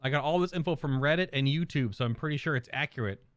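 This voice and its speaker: A man's voice: on the high side, fast, fairly bright tone, no echo, clean studio sound. A man streamer giving casual, rambling reaction commentary in an amused way.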